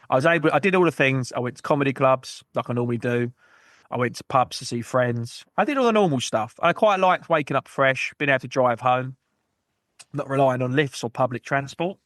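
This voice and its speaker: A man hosting a gaming podcast on his own, rambling through shout-outs and jokey, self-mocking asides. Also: mid-range voice, dry recording, studio quality. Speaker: podcast host. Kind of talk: solo gaming podcast chat.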